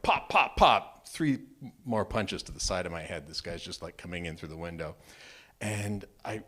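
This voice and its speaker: Male storyteller, lower voice, lively swings in pitch, wry and self-deprecating in a live set. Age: adult, married. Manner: animated, self-mocking, many restarts. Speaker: open mic storyteller. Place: storytelling venue, live event.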